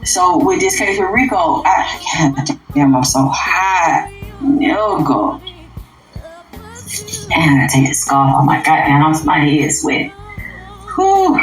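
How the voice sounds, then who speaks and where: A low-pitched woman is ranting on a livestream, profane and emphatic. She drops into low mutters and then bursts out loud. Her voice bounces around an echoey room while faint music plays underneath. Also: slow, long pauses. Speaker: livestream host. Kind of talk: unscripted livestream rant.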